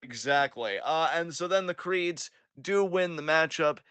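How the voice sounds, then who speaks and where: A man talks through a week of wrestling on his podcast, sarcastic and profane, slipping into mocking voices for the wrestlers' lines. His voice is bright and sits a little high. The sound is dry and close. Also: animated, unhurried, smooth, dry recording. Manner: profane, sarcastic, acts out quotes. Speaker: podcast co-host. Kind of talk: casual wrestling recap chat.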